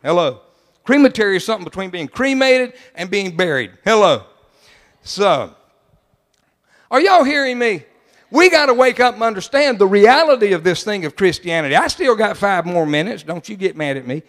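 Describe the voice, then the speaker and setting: A middle-aged pastor with a notably high voice for a man, preaching in an emphatic, folksy style. His sermon rings out with a long echo from a church hall. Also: expressive, fairly quick, fairly bright tone. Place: church sanctuary.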